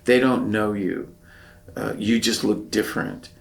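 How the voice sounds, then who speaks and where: A man's voice: lowish voice, steady tone, a little slow, vocal fry. An older man, a veteran, speaking earnestly and reflectively in an oral history interview.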